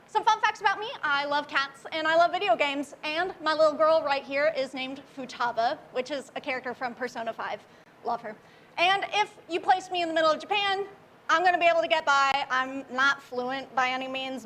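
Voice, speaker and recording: Young woman from Oklahoma, high voice, upbeat casual meetup speaker, faint background noise. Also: a bit bright. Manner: upbeat, chatty, friendly. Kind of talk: casual tech talk.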